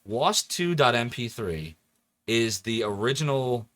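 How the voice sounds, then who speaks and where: This livestreamer, a man in his forties from around Philadelphia, speaks in a mid-range voice without hurrying. His let's-play banter is animated and chatty, full of laughter and playful voice switches.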